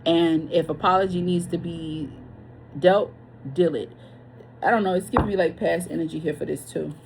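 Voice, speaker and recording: A woman's voice: fairly low pitch, normal speed, gravelly, noisy background. A woman giving a casual tarot reading, chatty and blunt, swearing freely and wandering off on tangents. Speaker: tarot reader.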